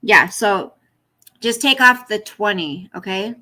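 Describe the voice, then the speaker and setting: A woman's voice: mid-range voice, lively intonation, slow pace, bright, forceful tone. A woman hosting a casual livestream from home at night, chatty and apologetic, cooing at her pet in between. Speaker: livestream host.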